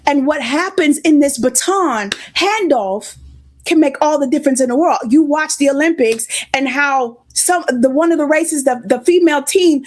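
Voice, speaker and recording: High-pitched woman preacher, stuffy nose, chatty sermon delivery. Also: moderate pace. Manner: conversational, greets listeners by name. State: congested.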